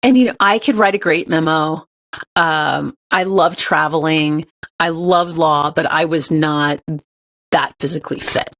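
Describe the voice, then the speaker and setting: A woman guest on a podcast with a slightly low voice. She tells her stories in an earnest, upbeat way and keeps the talk moving. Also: a little slow, a bit bright. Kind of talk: conversational interview.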